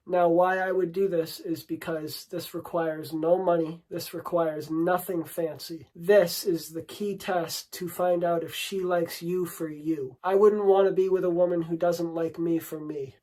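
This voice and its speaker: A young adult man, a dating coach, giving a solo advice monologue with emphatic, repetitive declarations. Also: poor audio. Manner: drops to low soft voice when acting out lines to a date.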